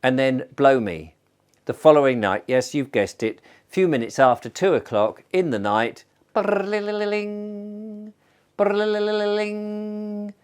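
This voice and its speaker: A man's voice: medium pitch, expressive, normal speed. A middle-aged man telling a story in a rambling, conversational way with frequent restarts. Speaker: storyteller host. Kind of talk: chatty spoken storytelling.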